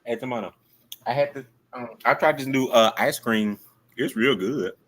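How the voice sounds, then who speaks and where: A woman co-hosting a live-stream show and moderating its chat, talking in a relaxed, halting way with lots of fillers. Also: rumbling low. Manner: relaxed, hesitant, with many fillers.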